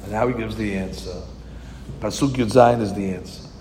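A man giving a verse-by-verse Torah class, reading Hebrew lines slowly, then translating and explaining them with rhetorical questions. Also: fairly low pitch, dark tone. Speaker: Torah teacher. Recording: long hall reverb.

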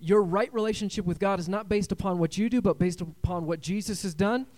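A man preaching a sermon as pastor, swinging between loud emphatic lines and hushed quiet ones and calling for amens. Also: sits high, fairly quick.

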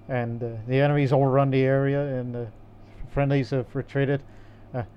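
Smooth-voiced man, easygoing podcast chat. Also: medium pitch, darkish tone, highs cut off. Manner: rambling, easygoing, restarts and chuckles. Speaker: podcast co-host.

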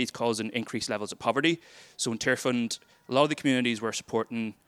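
A young Irish man talks a youth group through a workshop in a loose, joking way. His voice is smooth and clear, and the sound is dry and close, with no room echo. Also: lowish voice, fairly bright tone. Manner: chatty, self-deprecating, loose and conversational. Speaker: charity workshop speaker. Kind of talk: casual presentation to a youth group.

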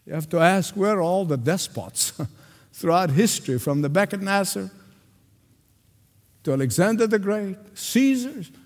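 A pastor preaching a sermon to a congregation, emphatic and insistent, often repeating a word for stress. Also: male voice, sits high, animated, moderate pace, long pauses. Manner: addresses the congregation directly. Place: church sanctuary before a congregation. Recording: long reverb of a large hall.

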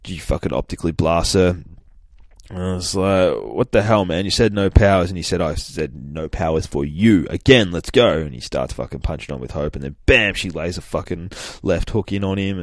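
A man with a low voice hosts a comic podcast, recapping an issue in a rambling, casual, profane way and swearing constantly. There's no room sound.

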